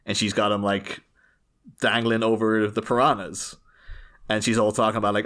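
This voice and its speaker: A man's voice: on the low side, little pitch movement, moderate pace, fairly bright tone. A man co-hosting a podcast, chatting casually about a film and slipping into playful impressions of characters. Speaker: podcast co-host.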